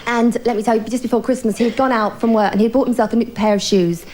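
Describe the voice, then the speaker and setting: A woman's voice: a little high, fairly even intonation, fast, darkish tone, slight background noise. A woman performing a bawdy, confiding stand-up routine, talking directly to the audience. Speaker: stand-up comedian.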